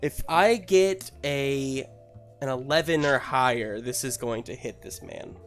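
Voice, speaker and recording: A man narrating a tabletop game as its game master. He drawls along slowly and loosely, stacking up fillers as he describes the scene. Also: medium pitch, faint music behind.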